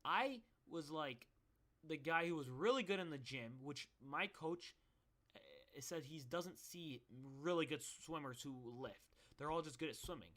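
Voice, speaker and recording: A man's voice: on the high side, lively intonation, a little slow, pushed and bright. A young man telling stories in a casual, rambling monologue, joking at his own expense. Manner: rambling, self-deprecating joking. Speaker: vlogger.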